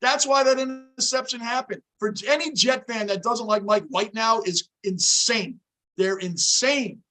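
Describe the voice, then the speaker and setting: Hoarse, excitable sports fan host. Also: male voice, measured pace. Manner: excitable, shouts at the game, high emotion; chats with viewers by name, off topic. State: hoarse, voice worn out from yelling. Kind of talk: casual live reaction chat.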